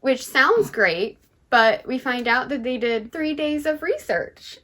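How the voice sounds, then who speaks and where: A young woman co-hosting a book chat, recapping the plot in animated, casual storytelling full of "like.". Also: sits high, slow. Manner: animated storytelling, heavy use of "like". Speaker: book podcast co-host.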